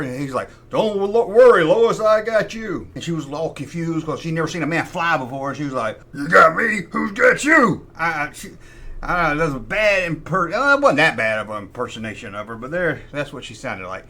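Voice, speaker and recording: A man's voice: fairly high pitch, pushed and bright. A man hosting a collectibles video in casual show-and-tell style, rambling and jokey with self-deprecating asides. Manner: puts on mock voices for quoted people.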